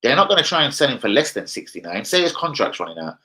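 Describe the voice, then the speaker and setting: A young man hosts a casual live football chat. He is brash and jokey and swears freely. He swings between loud outbursts and low, muttered asides. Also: big pitch swings, fast, poor audio. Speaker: livestream host.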